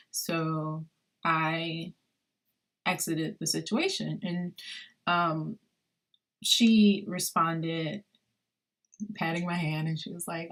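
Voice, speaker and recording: A woman's voice: low-pitched, takes it slowly, long pauses. A woman hosting a podcast, talking casually on her own, with lots of fillers as she retells conversations. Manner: conversational, many fillers, animated retelling of dialogue. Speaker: podcast host. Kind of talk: casual solo podcast monologue.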